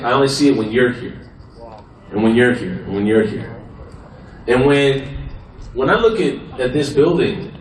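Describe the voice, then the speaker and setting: Speaking at an outdoor protest beside a street, a film actor gives a rally speech in a conversational, pointed and sarcastic manner. His voice is mid-range, and the low-quality recording picks up traffic noise.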